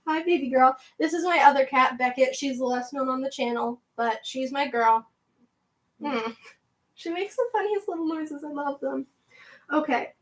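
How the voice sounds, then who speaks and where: A woman's voice: sits high, a little slow, a bit bright, rough recording. A young woman with a southwestern Ontario Canadian accent hosting a casual livestream. She is bubbly and chatty, laughs often, and answers her viewers' chat as she goes. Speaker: livestream host.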